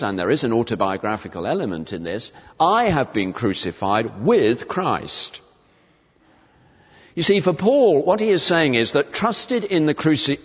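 A man preaching a sermon in a church, measured and expository, slowing down to stress the verses he quotes. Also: mid-range voice, slightly rough. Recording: reverberant church hall, dull lo-fi sound.

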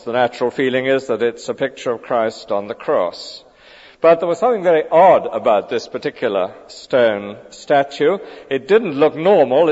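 A man's voice: mid-range voice, a little mellow. A man preaching a conversational sermon with hesitant fillers. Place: church. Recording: dull lo-fi church recording with long reverb.

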